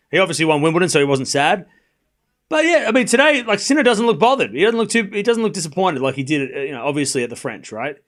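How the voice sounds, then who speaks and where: A man's voice: sits high, fairly bright tone. A man hosting a live watchalong, chatting casually with his chat, rambling with frequent fillers and restarts. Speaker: livestream watchalong host.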